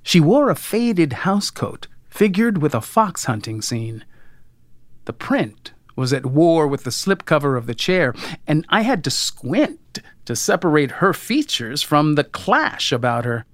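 Audiobook narrator, wry, deliberate, slow pace, animated melody, dry close mic. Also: mid-range voice, no echo. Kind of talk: scripted first-person narration.

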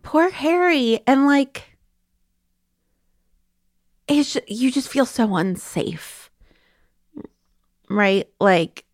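A woman's voice: a little high, smooth, no room sound, clean studio sound. Chatty woman co-hosting a podcast. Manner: chatty and quick, heavy with "like" fillers. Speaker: podcast co-host. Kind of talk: casual podcast discussion.

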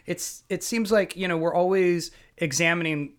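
A man's voice: sits high, moderate pace. A man co-hosting a podcast, casually thinking aloud as he reflects. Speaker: podcast co-host. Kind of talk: casual chat.

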